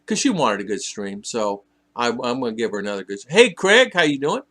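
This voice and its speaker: A man's voice: mid-range voice, sing-song, fairly quick, a bit bright. A man hosting a casual live stream, reading viewers' comments aloud and teasing them in a chatty way. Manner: teasing, chatty, laughs often.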